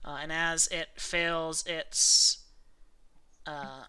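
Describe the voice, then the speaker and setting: A man's voice: a little high, fairly even intonation, very slow, bright, forceful tone, clear, resonant tone. A man running a tabletop game as game master, explaining rules at length with many ums and uhs.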